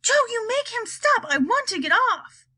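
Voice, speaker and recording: A woman voicing a cranky, suspicious old grandmother with a croaky voice, shrill and complaining. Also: huge pitch swings, normal speed, sharp tone, dry recording, heavily acted. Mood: panicked.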